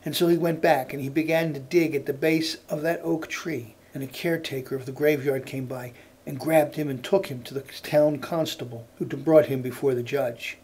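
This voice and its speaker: Male folk-tale storyteller, slightly high pitch, unhurried repetitive cadence. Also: steady tone, darkish tone, husky. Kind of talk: oral folk tale telling.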